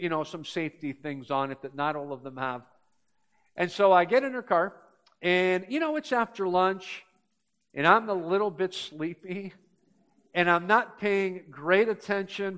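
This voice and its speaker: An older male pastor delivers a sermon in a high, light voice. He tells everyday stories in an easy way, then presses his points with growing emphasis. He is speaking to a church congregation. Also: fairly bright tone. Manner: storytelling, building to emphatic points.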